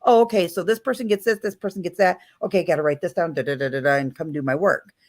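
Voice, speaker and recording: A woman's voice: lowish voice, fast talker, no room sound, studio quality. A woman hosting a casual livestream, telling a story and acting out what people said. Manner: animated, acts out quoted people. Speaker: livestream host.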